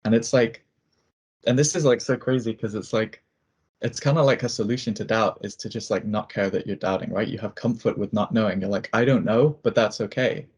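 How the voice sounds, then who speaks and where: A young man with a low, husky voice talks in a loose, rambling way, full of fillers and restarts. He speaks over a video call. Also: fairly even intonation, a little fast. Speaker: student. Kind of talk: casual chat.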